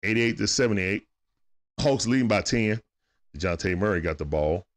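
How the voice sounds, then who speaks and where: A man giving casual, excitable play-by-play commentary on a live stream, chatting with his viewers in slang. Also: on the low side, normal speed.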